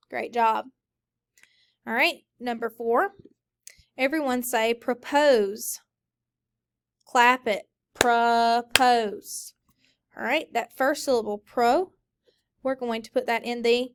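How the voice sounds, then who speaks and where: A woman teaching a recorded phonics lesson, sounding out each syllable clearly and slowly for students. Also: fairly high pitch, fairly bright tone.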